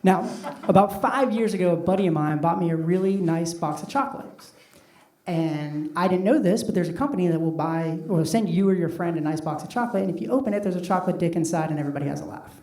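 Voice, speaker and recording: On a comedy club stage, a middle-aged man talks fast in a high, darkish voice, riffing loosely through his stand-up routine and leaning heavily on "like." Audience laughter fills the roomy sound picked up by a faraway mic.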